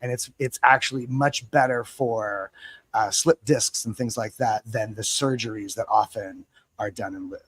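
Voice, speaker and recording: A man's voice: fairly low pitch, fairly even intonation, normal speed, fairly bright tone, slightly rough, no echo. Profane, rambling man chatting on a live show. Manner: profane, rambling, laughs often. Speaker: podcast co-host. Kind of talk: casual live chat.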